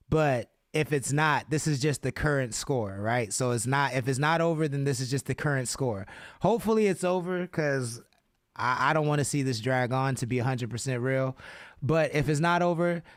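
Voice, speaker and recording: Male streaming host, offhand and profane, mid-pitched voice, dead-dry close recording. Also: no room sound. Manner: loose, reads chat aloud, swears freely. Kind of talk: casual live-stream chat.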